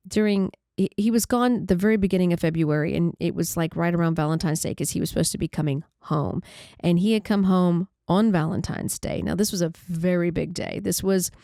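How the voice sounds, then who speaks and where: A woman podcast host recounting a painful personal story in a halting, conversational way with many restarts. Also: on the low side, warm tone, dry recording, clean studio sound.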